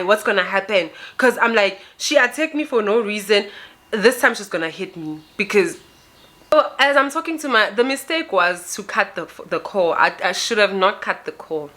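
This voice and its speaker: South african girl telling a storytime, bright voice, super animated. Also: mid-range voice. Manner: animated, dramatic storytelling with filler tags. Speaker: vlogger. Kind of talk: storytime vlog.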